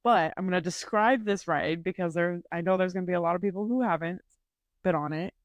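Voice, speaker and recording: A woman co-hosting a podcast, talking in a relaxed, meandering way in casual chat. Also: fairly low pitch, brisk, no room sound. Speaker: podcast co-host.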